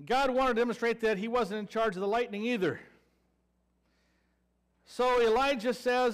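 A man's voice: very high-pitched, moderate pace, long pauses. A man with a Southern American accent preaching a sermon, telling a story with playful sarcasm and acting out the people in it. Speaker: pastor.

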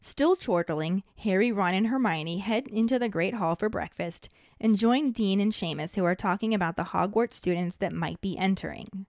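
Woman host reading a chapter recap, even and steady, dry close sound. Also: mid-range voice, moderate pace, hardly any pauses, dry recording. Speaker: podcast host. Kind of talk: scripted narration of a book recap.

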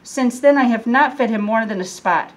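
A woman's voice: fairly high pitch, normal speed, low-quality recording. Woman reading a rhyming storybook aloud. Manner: expressive, lilting rhyming delivery. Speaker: teacher reading to children.

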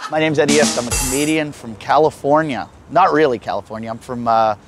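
A man doing a stand-up comedy set, animated and self-mocking, with punchy delivery. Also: mid-range voice, fairly quick, over music. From Pittsburgh. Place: comedy club stage.

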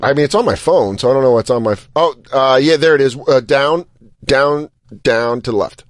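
A man's voice: medium pitch, brisk, no echo. A man co-hosting a podcast, joking crudely and mocking along with his friends. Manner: animated, mocking, breaks into goofy voices. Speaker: podcast co-host. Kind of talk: crude comedic banter.

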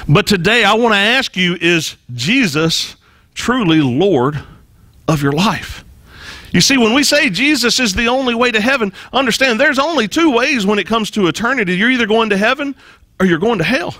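A man with a high, bright voice preaching a sermon in a church. He is emphatic and repeats key phrases, restarting his words as he drives a point home. The sound is dry and close. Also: expressive, normal speed, no room sound. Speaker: pastor.

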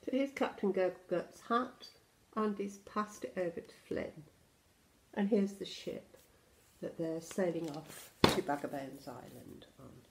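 A woman's voice: fairly low pitch, unhurried, gravelly, background noise. A teacher reading a picture book aloud to young children. She reads expressively, drops to a whisper for suspense and stops to point out the pictures. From England.

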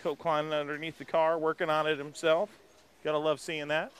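A man hosting a live walk-around in an outdoor race garage, talking into a handheld mic in an energetic, rambling way. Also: a little high, brisk, a little hiss or hum. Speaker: garage reporter host. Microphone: handheld microphone.

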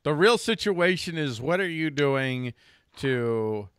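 A man with a bright, forceful voice hosting a political commentary chat. He is agreeable and energetic, often pushing ahead in a hurry. The recording is dry and close. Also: fairly high pitch, takes it slowly, clean tone, dry recording. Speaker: show host.

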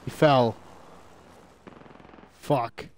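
A man's voice: mid-range voice, steady tone, very slow. A young man in casual gaming chat, dryly calling out plans as he plays.

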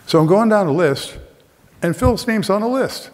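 A man's voice: high voice, moderate pace. A man telling a humorous personal story on a theater stage, acting out the voices of the people in it. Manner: animated, acts out other people's voices. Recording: long theater reverb.

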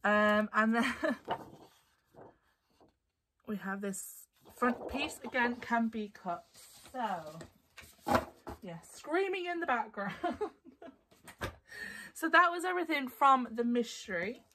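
A woman's voice: a little high, expressive, takes it slowly, long pauses, noisy background. A woman chatting casually through a craft haul, bubbly and giggly, her voice a little tired. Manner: bubbly and giggly, gushing over papers. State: voice getting tired. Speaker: craft vlogger.

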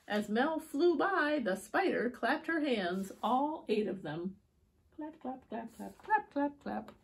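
A woman reading picture books aloud to young children, expressive, with gasps and drawn-out words. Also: sits high, creaky, slight background noise. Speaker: storytime reader.

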